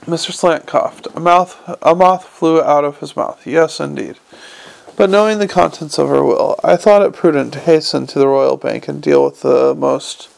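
A man reads a novel aloud, his voice very gravelly and somewhat high. He tells the story evenly, with occasional slips and restarts. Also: normal speed. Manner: even storytelling with small slips. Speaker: audiobook reader.

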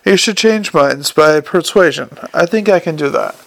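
A man doing a sharp, brisk young woman. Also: on the high side, vocal fry, no echo. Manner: brisk, sharp, matter-of-fact.

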